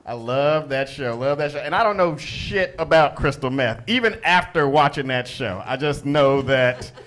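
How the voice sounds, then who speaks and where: Male host, animated crowd work, bright tone, faint noise. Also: fairly high pitch, moderate pace. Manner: animated, teasing the audience.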